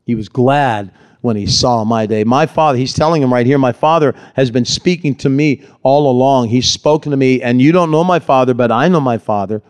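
A man preaching a sermon, animated, acting out the voices in the scripture he reads. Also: medium pitch, a little fast, clean tone. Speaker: pastor.

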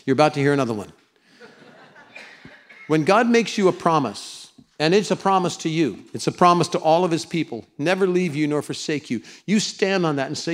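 A pastor preaching to his congregation, his voice sitting a little high for a man. He shifts between lively exhortation and slow, deliberate scripture reading. Now and then he mimics complainers in a high, whining tone. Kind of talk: sermon. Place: church sanctuary with congregation.

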